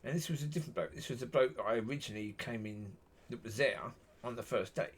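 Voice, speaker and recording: In a casual, rambling talk to camera, a plain-spoken man vents his exasperation and keeps circling back to the same things. His husky voice is mid-range and his pace is quick.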